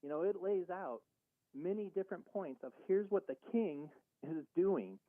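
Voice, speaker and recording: A man's voice: high voice, animated, normal speed, dry recording. A man calling in to a talk radio show, arguing his point earnestly and acting out conversations he had. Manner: earnest, argumentative, retells conversations. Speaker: caller. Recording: tinny phone line.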